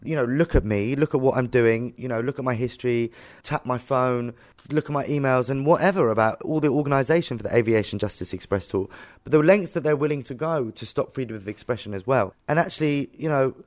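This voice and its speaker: A man, an activist guest telling a story in a casual interview with animated delivery. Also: mid-range voice, brisk. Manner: animated storytelling, acting out dialogue.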